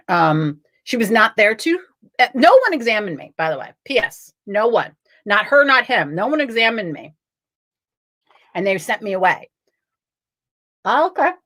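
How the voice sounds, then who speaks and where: A woman's voice: medium pitch, big pitch swings, moderate pace, fairly bright tone. Blunt, profane woman streaming live. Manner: blunt and profane, reads viewer comments aloud. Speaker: host of a live tarot card stream. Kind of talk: casual live-stream chat.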